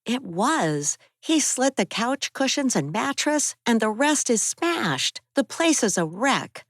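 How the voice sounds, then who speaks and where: A protective young woman with a raised, urgent voice. She sits noticeably higher than the low narration around her, and the reading is dry and close. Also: big pitch swings, slow, no room sound, full character voice. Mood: shaken.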